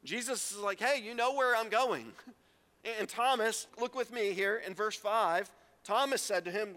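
Middle-aged pastor guy preaching, high bright voice, acts out the quotes, big reverby hall. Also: normal speed. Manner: animated, acts out quotes, laughs often. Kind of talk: sermon.

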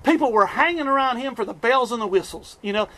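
High-voiced storytelling male preacher. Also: quick pace. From US East Coast. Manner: storytelling, animated, chuckles often. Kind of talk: sermon.

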